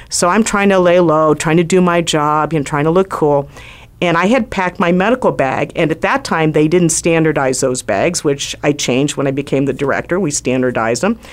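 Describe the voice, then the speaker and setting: A middle-aged woman, a former White House doctor, telling a lively personal story on a talk show. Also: deep voice. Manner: lively anecdotal storytelling with acted quotes.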